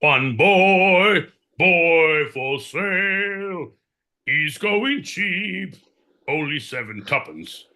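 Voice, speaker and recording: A man putting on a loud Cockney street auctioneer, selling off a boy with slow, drawn-out shouts. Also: a little high, expressive, pitched above the performer's own voice, full character voice. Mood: hawking. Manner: shouting, drawn-out sales patter.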